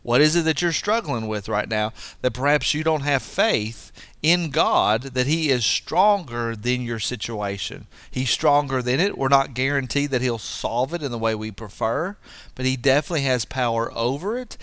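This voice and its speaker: A man giving a devotional Bible teaching in an earnest, lively way, acting out the quoted lines. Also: normal speed, clean tone, dry recording. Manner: earnest, lively, acts out quotes with rising pitch. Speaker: preacher.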